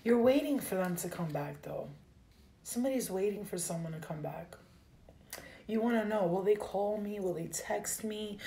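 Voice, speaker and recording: A woman's voice: medium pitch, animated, normal speed, creaky, warm tone. A woman giving a live tarot reading, emotional and direct, speaking straight to her viewers. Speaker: tarot reader.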